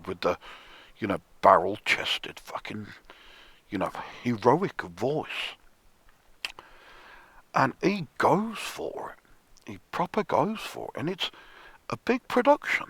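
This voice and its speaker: A man rants in a slow, sardonic drawl, his husky voice sitting fairly high and swinging widely in pitch. He swears freely and keeps slipping into a whisper, recorded close and dry. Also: fairly bright tone, no room sound. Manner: sardonic, profane, slow and drawn out, often dropping to a whisper. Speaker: music commentator. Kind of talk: ranting monologue.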